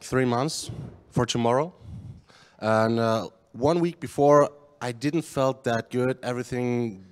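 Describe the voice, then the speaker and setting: A man from Germany, an arm wrestler answering questions in halting English. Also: mid-range voice, smooth, long reverb tail. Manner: halting non-native English, hesitant restarts.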